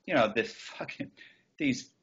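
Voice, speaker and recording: A man's voice: a little slow, fairly bright tone. A man, a guest telling his story casually, swearing often and quoting others as he goes. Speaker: interview guest. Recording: muffled video call audio.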